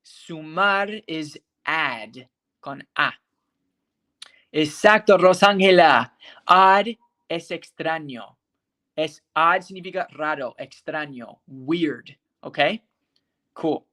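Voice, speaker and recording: An English teacher giving a live online class, saying example words slowly and carefully, calling on students by name and checking often that they follow. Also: mid-range voice, bright, forceful tone.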